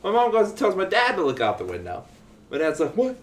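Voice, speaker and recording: A man telling a story in casual podcast chat, animated and swearing freely. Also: high-pitched, quick pace, roomy sound. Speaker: podcast co-host.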